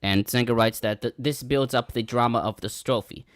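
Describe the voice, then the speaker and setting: A man explaining scripture on a podcast in a careful, scholarly way, often pausing on ums. The sound is dry and close, with no room echo. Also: medium pitch. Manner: careful, with frequent ums and restarts. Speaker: scholar giving commentary. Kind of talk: podcast discussion and reading.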